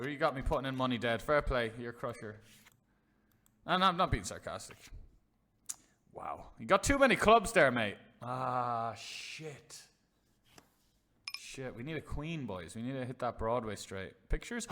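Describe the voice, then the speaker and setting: A man's voice: medium pitch, very animated, measured pace, sharp tone, slight background noise. A man commentating on his own online poker hands live, chatty and swearing freely, talking to his chat as lads and boys. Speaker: poker streamer.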